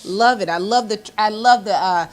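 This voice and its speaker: A woman's voice: mid-range voice, normal speed. A chatty woman hosting a local TV interview, laughing often. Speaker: host.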